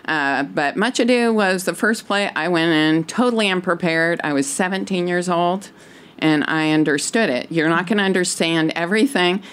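Low, smooth-voiced woman chatting. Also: moderate pace, a bit bright. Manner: easygoing, many fillers. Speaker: community theater organizer. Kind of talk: casual panel chat.

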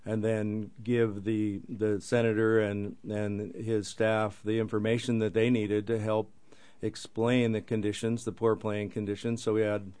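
A man as a guest calmly explaining how city funding requests work, in a measured, procedural way. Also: fairly low pitch, clear, resonant tone. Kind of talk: explanatory chat.

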